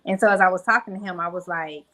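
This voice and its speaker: A woman's voice: lowish voice, quick pace, fairly bright tone, poor audio. A young adult woman speaking candidly as a podcast guest, telling reflective personal stories with many fillers. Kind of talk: podcast interview.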